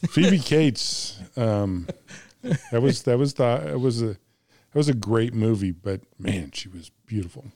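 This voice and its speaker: A man in a casual podcast chat, relaxed, asking questions and chiming in briefly. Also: mid-range voice, measured pace, dry recording, clean studio sound.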